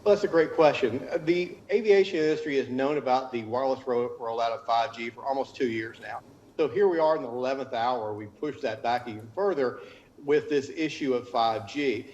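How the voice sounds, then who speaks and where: A man's voice: mid-range voice, brisk, darkish tone, highs cut off, a little hiss or hum. A man from the United States, a consultant giving a news interview, explaining at length with restarts and careful hedging. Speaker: interview guest, cell tower consultant.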